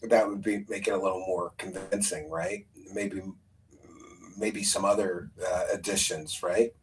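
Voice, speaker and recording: A man's voice: deep voice, fairly even intonation, a little slow, a little hiss or hum, low-quality recording. A man hosting a casual stream, rambling and thinking aloud as he talks and then reads out a synopsis. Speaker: host. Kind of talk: casual live-stream chat.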